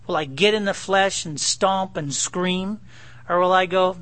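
A man's voice: sits high, a little slow, a bit bright. A middle-aged man preaching a sermon in a conversational, joking way, acting out his own dialogue with God. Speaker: pastor.

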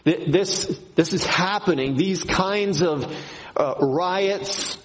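A man preaching a sermon to his congregation, slow and emphatic, repeating key phrases. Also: sits high, slight background noise, poor audio. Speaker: pastor.

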